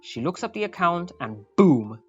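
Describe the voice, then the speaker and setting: A woman with a low voice reads an online story aloud, adding wry asides and small apologies as she goes. The recording is slightly dull and muffled, with faint music playing behind her. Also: sing-song, moderate pace, a little mellow. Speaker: story narrator. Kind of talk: reading a reddit story aloud.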